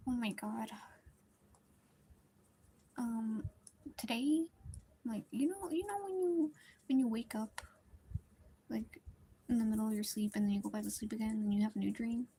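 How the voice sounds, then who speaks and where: A woman's voice: on the high side, dark tone, slight background noise. A young woman chatting casually while drawing, telling a rambling story with lots of fillers and some whispered stretches. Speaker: drawing streamer.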